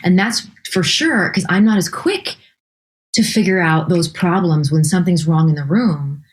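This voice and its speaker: Woman guest composer, lowish voice, animated and chatty, lots of restarts. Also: normal speed. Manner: animated, chatty, laughs often, many restarts. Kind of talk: casual interview chat.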